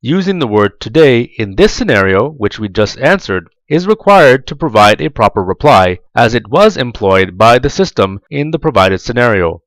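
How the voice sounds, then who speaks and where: A man narrates a step-by-step instructional tutorial, his delivery lively and full of pitch movement. He speaks slowly and deliberately, enunciating every word clearly. The recording is close and dry, with no room sound. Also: dry recording, rough recording. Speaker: tutorial narrator for job applicants. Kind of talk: scripted instructional voice-over.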